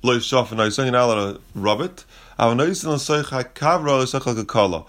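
A man's voice: medium pitch, a little fast, a bit bright. Man teaching Talmud in casual English. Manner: reads Aramaic phrases then explains them in casual English. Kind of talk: explaining a Talmud text.

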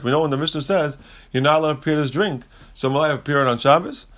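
A man teaching a Talmud passage, reading Aramaic phrases and explaining them in relaxed, conversational English. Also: fairly high pitch, very fast.

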